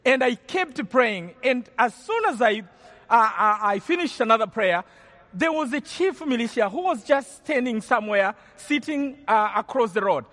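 The man preaching here is from Rwanda, with a very high voice, lively intonation, a moderate pace and a slightly bright tone. His sermon is an earnest storytelling testimony full of repeated, restarted phrases, echoing with long hall reverb.

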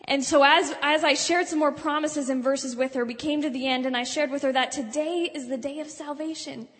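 A woman with a high voice tells her personal story of evangelism to an audience, earnest and sometimes hushed. Her voice rings in a large hall with a long reverb. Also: steady tone, fairly quick. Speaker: evangelist giving a testimony. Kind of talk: spoken testimony to an audience.

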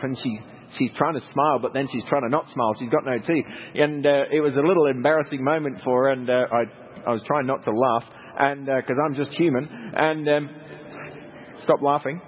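A man's voice: mid-range voice, fairly even intonation, fairly quick. A middle-aged Australian man, a missionary speaker, telling anecdotes to a congregation in a conversational way with humorous asides. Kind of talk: storytelling talk to a congregation. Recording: dull lo-fi recording with hall reverb, faint noise.

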